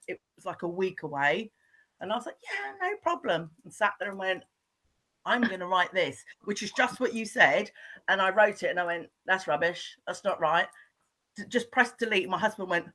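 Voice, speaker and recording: A woman from the UK, a guest author, telling her story in a lively, laughing way. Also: on the low side. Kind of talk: interview chat.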